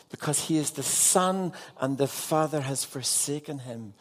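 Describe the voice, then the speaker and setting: A man's voice: fairly high pitch, measured pace, hardly any pauses. A man preaching an evening sermon as a pastor, earnest and putting direct questions to his congregation.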